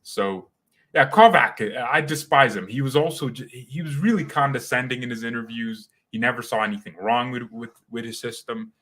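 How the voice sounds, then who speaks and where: A young man hosting a casual fan livestream, talking in an animated, slangy, excitable way. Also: medium pitch, normal speed. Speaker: fan channel host.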